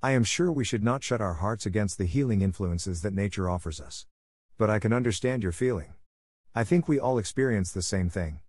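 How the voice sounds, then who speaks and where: A gentle minister's wife speaks in a soft, soothing way, read by a male narrator in a low voice. The storybook reading is close and dry. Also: fairly quick, no echo, natural voice.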